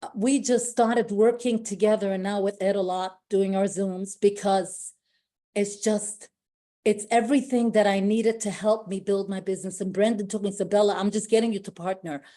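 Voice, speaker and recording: A woman's voice: mid-range voice, steady tone, moderate pace, warm tone. A woman giving an emotional, effusive motivational speech to her company team on a call, often repeating herself and restarting sentences.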